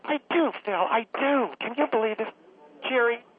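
A man's voice: very high-pitched, moderate pace, voice pushed up. A man voicing a fawning, rambling middle-aged woman caller who gets choked up easily. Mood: gushing. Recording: tinny phone line.

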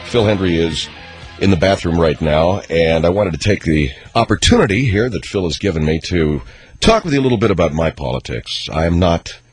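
A man impersonating a smug, self-important male movie star in a comic radio bit, speaking in a low, pompous mumble. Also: expressive, brisk, slightly rough, soft background music. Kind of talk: comedic celebrity impression on radio.

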